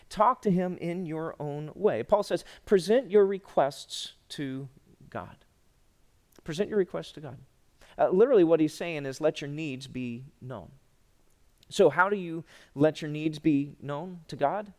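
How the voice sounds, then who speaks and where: Man, preaching online, high voice, folksy and joking, loud then hushed. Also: lively intonation, normal speed. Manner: swings from loud emphatic lines to hushed tender ones; folksy and humorous, full of restarts. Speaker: pastor. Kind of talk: online sermon.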